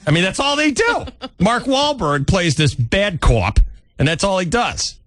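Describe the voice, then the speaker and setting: A man hosting a radio show, chatting casually and telling stories in a wry way with animated asides. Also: sits high, unhurried, no room sound. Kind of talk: casual morning-show banter.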